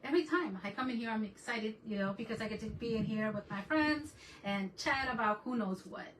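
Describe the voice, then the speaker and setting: A bright, sharp-toned woman chats excitedly through a home crafting livestream, mixing English and Spanish as she greets viewers. Her voice sits a little high and comes from a bit away from the mic, with faint noise in the room behind her. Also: brisk, distant mic, rough recording. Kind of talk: casual livestream chat.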